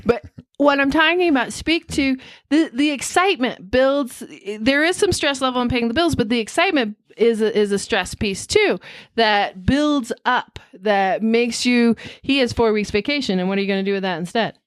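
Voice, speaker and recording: A woman's voice: on the high side, moderate pace, dry recording. A woman hosting a podcast, talking earnestly and reflectively in a casual conversation. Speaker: podcast host.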